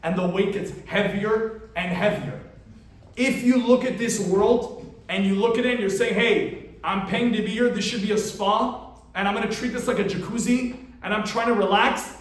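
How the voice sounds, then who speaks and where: Animated storytelling rabbi, echoey hall. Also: male voice, sits high, recorded from a distance. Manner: animated, conversational storytelling with asides to the audience. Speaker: rabbi teaching a weekly class. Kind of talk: storytelling sermon.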